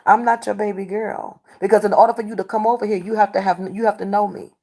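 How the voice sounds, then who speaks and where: A combative woman on a livestream, calling out her chat again and again. She scolds and repeats herself, with an everyday pitch that sits in the middle of the range. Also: steady tone, fast talker, dark tone. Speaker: livestreamer doing readings. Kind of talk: confrontational livestream talk to chat.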